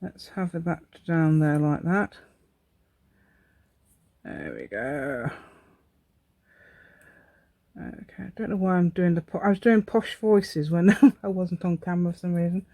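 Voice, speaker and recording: At a moderate pace with few pauses, this crafting host talks in a lowish, mellow voice with fairly even intonation, in a dry recording. She chats her way through a relaxed tutorial as she works, rambling, laughing often and gently mocking herself.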